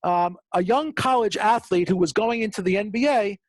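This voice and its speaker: In his motivational webinar, this man speaks at an ordinary pace with no echo. His lively storytelling has him acting out quotes with big leaps in pitch and repeating words to drive points home.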